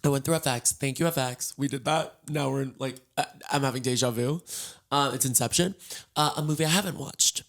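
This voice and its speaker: A man with a gravelly, creaky voice talks casually from his bed, tired and a little hoarse. He hosts a solo podcast, wandering off track and joking at his own expense. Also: mid-range voice, brisk, fairly bright tone. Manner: rambling, scattered and self-mocking. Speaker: podcast host. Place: in bed at home.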